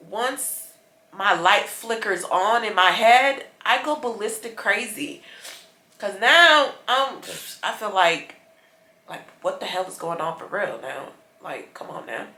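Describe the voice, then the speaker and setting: A woman's voice: mid-range voice, sharp tone, roomy sound. A woman sick with a stuffy nose, chatting casually to her viewers from bed in a rambling, frustrated way. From United States. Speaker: vlogger. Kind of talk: casual vlog chat. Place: bedroom, lying in bed.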